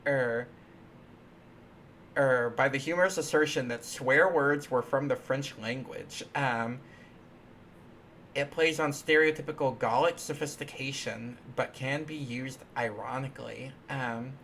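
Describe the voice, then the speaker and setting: A man's voice: mid-range voice, a little slow, a bit bright, a little hiss or hum. A man hosting a live stream, chatting casually while coding, rambling and playful, with many restarts and fillers. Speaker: livestream host.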